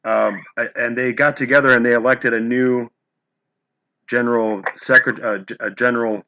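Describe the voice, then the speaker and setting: A male host who asks long questions and pauses often to search for his words, recorded on muffled, lo-fi audio. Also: medium pitch, steady tone, bright, forceful tone. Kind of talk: interview questions. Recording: dull lo-fi audio.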